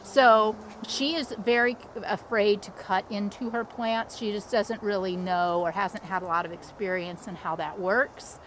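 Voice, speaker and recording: Recorded outside, this landscape designer and channel host, a middle-aged woman, gives a relaxed tour of a backyard in a chatty, upbeat manner, occasionally restarting herself. She speaks at a medium pitch with a steady tone, a little slowly and with few pauses, over faint hiss or hum.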